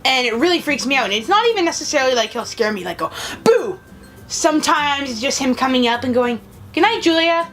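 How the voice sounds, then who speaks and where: Woman vlogger, animated pitch, chatty storytelling, soft music underneath. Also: fast talker, few pauses. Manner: chatty, storytelling, frequent "like" fillers. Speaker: vlogger host. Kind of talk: casual chat answering viewer questions.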